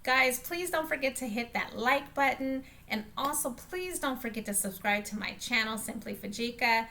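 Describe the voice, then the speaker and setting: Friendly woman tutorial host, slightly high voice. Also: normal speed, bright, forceful tone. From United States. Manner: friendly, conversational, addresses viewers as guys. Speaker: home care agency owner and channel host. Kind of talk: screen-share tutorial walkthrough.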